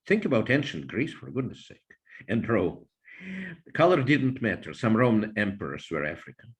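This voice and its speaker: An older man talks as an interview guest, explaining at length the way a lecturer would. His voice sits low but moves a lot in pitch. He pauses often, with plenty of filler sounds between thoughts. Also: sing-song. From Soviet Union. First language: Russian. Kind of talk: conversational academic interview.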